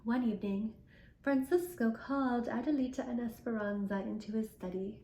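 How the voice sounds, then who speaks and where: An older woman, the show's host, reading a picture book aloud in a gentle, chatty way. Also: a little high, a little fast, creaky, echoey room, a little hiss or hum. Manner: gentle, chatty explanations, careful with foreign phrases. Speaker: storyteller.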